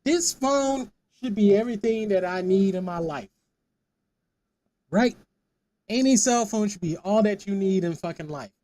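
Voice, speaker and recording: A young man with a high voice talks loosely to his stream chat. He wanders through his point, stumbles over repeated words and laughs between thoughts. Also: warm tone.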